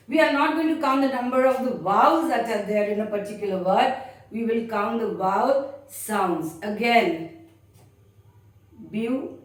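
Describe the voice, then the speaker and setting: A woman teaches a grammar lesson to children, explaining each step patiently. Her voice sits a little high. She sounds set back from the mic, in a room with heavy echo. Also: far from the mic.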